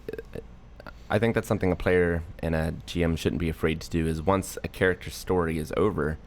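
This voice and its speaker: Very deep, gravelly-voiced man. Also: a little fast. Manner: relaxed, jokey, thinks aloud. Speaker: podcast host. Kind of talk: casual podcast chat.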